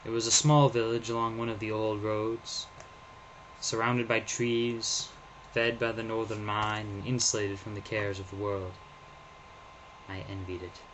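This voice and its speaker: A man narrating his own first-person story in a measured, subdued reading. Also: on the low side, flat delivery, fairly bright tone, a little hiss or hum, poor audio.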